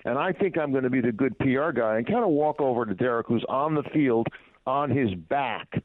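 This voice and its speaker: A man's voice: mid-range voice, expressive, moderate pace, no room sound. A middle-aged man, a guest on a radio show, telling stories in a rambling way with many fillers and restarts. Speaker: guest, former baseball PR director. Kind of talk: casual radio interview storytelling. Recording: tinny phone line, dry.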